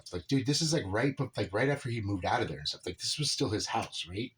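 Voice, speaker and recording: A man's voice: on the low side, expressive, fast, breathy edge. A man rambling casually through a personal story about his son, filling his talk with "right?" and "dude". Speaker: father telling a personal story.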